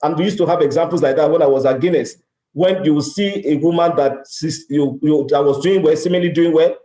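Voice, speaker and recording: A man's voice: fairly high pitch, a little fast, dark tone. A middle-aged Nigerian man with a Nigerian accent, giving a motivational business talk at a conference and acting out dialogue with emphatic repetition. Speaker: conference speaker. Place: large conference hall. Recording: echoey hall sound.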